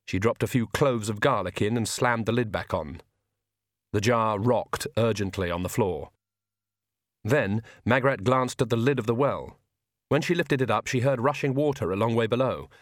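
A man's voice: fairly low pitch, no echo. Man narrating a storybook, dry sound. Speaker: audiobook narrator. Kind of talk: scripted narration.

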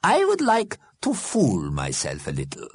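A man's voice: high-pitched, huge pitch swings, slow pace, slightly rough, no room sound, studio quality, voice pushed up, full character voice. A man voicing a wistful, dreamy old male ghost in an audiobook. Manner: soft and wistful, careful.

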